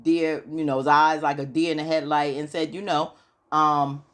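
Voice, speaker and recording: A woman's voice: low voice, flat delivery, normal speed, a bit bright. A woman giving a chatty, casual recap of a TV episode, with lots of "you know" fillers and questions to her audience. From United States. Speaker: TV recap YouTuber.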